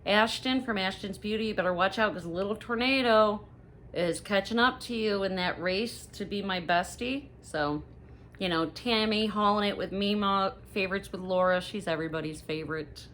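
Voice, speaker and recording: A middle-aged woman does a haul video, chatting casually to viewers in a rambling, gossipy way full of lively asides. Her medium-pitched voice moves at a moderate pace over slight background noise.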